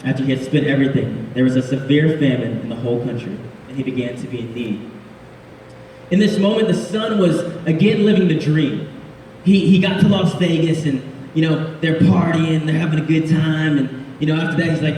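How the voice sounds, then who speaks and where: Laughy youth preacher guy, mellow voice, big echoey hall with a low hum. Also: fairly even intonation. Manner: jokey, laughs often, quick asides. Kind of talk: casual sermon storytelling. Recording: echoey hall, speaker far from mic.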